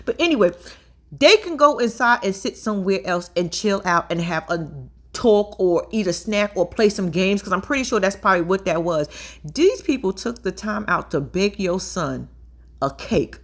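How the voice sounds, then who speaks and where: Woman, casual TV recap, blunt, profane, excitable, mid pitch, home webcam. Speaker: reality TV recap vlogger. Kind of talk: casual reaction commentary.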